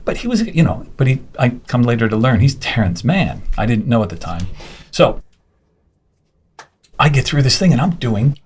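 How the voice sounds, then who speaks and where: A man telling an animated anecdote as a guest, acting out the quoted people with big leaps in pitch. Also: normal speed, long pauses, slightly rough. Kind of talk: animated storytelling.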